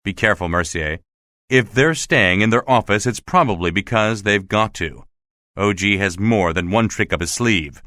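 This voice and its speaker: A man's voice: lowish voice, expressive, moderate pace, pushed and bright, no echo, studio quality. A man voicing a nervous, evasive male theater official who dodges questions, in a storybook reading. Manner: sly, evasive.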